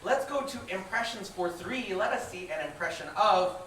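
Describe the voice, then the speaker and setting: A playful game show host with a lively, swooping voice. It is recorded from a distance in an echoey live venue, with steady noise underneath. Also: mid-range voice. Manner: lively, playful, explaining rules quickly. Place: live stage with an audience. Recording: echoey live stage from afar, noisy.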